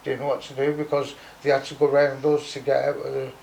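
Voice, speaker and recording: A man's voice: mid-range voice, monotone, fairly quick, gravelly, a little mellow, a little hiss or hum. A man telling a hard personal story in blunt, streetwise talk, often adding "you know what I mean". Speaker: interview guest.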